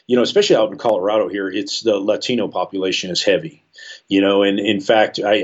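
Husky teacher telling a classroom story. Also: male voice, low voice, muffled recording. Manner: animated, many fillers like you know. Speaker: high school English teacher. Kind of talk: storytelling in a conversational interview. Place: works at a school in Colorado.

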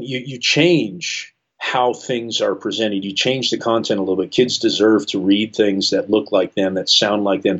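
Husky teacher telling a classroom story. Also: male voice, lowish voice, dull audio. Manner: animated, many fillers like you know. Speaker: high school English teacher. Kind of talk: storytelling in a conversational interview. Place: works at a school in Colorado.

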